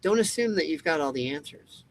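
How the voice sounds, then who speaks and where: A man's voice: fairly high pitch, animated, fairly quick, a little hiss or hum, poor audio. A man hosting his own show, delivering an impassioned, rambling monologue with frequent swearing and restarts. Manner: rambling, emphatic, swears, restarts a lot, mocking quoted voices. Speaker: show host.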